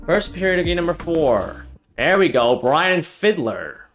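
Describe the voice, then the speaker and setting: A young man commentating his own hockey video game, exasperated and swearing, swinging from loud yelling to low muttering. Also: sing-song, unhurried, faint music behind. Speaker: gaming YouTuber.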